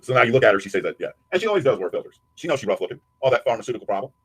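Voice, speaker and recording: Fast-ranting husky man. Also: medium pitch, big pitch swings, no room sound. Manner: taunting, crude, mocking. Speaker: streamer answering a critic. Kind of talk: profane ranting commentary.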